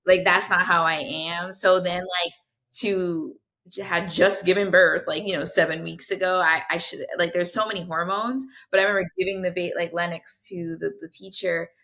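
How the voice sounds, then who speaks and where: A woman's voice: fairly low pitch, fairly even intonation, normal speed, sharp tone. A young woman, a nurse, sharing her story as a guest in an earnest, heartfelt way, often restarting her sentences. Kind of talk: candid conversational storytelling.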